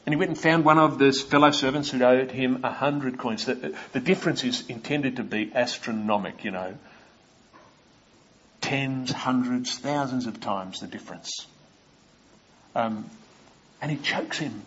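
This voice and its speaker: A man's voice: medium pitch, moderate pace, breathy edge, lo-fi sound. A man preaching a sermon, retelling stories and asking his listeners questions.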